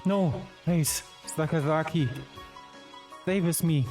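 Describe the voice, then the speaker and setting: A man's voice: on the high side, slow, darkish tone, echoey room, soft background music, pitched above the performer's own voice. A man voicing a proud young male pigeon noble, reading his lines in a raised, pleading voice.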